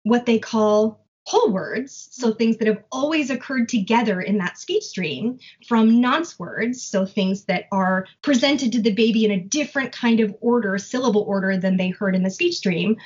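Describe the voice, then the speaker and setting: A woman researcher in language learning explains her field in a relaxed conversation, reaching for examples as she thinks aloud. Her voice sits a bit high and carries some breathiness. The audio is dull and lo-fi, recorded at home. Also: moderate pace, hardly any pauses, husky.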